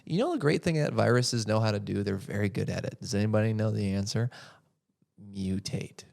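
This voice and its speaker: A man's voice: on the low side, lively intonation, fast, creaky, a little mellow. A man hosting a podcast, giving an opinionated monologue and asking rhetorical questions that he answers himself. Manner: rhetorical, asks questions then answers them. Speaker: podcast host.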